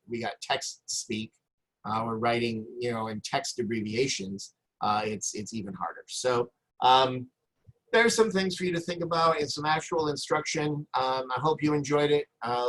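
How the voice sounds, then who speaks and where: A man's voice: mid-range voice, a bit bright, poor audio. A man teaching a recorded lesson at his computer, rambling and hesitant, with frequent fillers and restarts. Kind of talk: recorded lecture.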